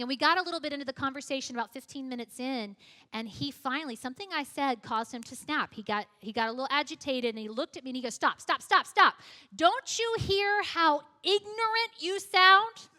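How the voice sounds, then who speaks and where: A woman speaking at a church, telling a story in a lively way and acting out the dialogue. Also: sits high, quick pace, big-room sound. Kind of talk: storytelling sermon.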